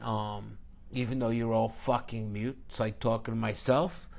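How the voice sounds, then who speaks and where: A man's voice: lowish voice, flat delivery, moderate pace, vocal fry, a little mellow, slight background noise. A man hosting a live trading video call, talking brash and profane and joking a lot. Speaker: crypto trading host.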